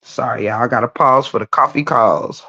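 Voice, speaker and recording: A woman's voice: rumbling low, normal speed, pushed and bright, breathy edge, highs cut off. A woman hosting a live stream, ranting bluntly and profanely in casual talk. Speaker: livestream host.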